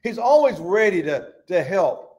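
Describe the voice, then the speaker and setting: A man leading a Bible study, preaching fervently in a folksy way and swinging between loud and hushed. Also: high-pitched, big pitch swings, a little slow, lo-fi sound.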